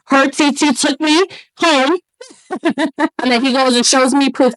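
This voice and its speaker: An animated young woman hosts a casual talk show, telling her story with a somewhat high voice and swearing freely. She acts out the other people in her story. The sound is dry and close. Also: a little slow, no echo, poor audio. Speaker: podcast co-host.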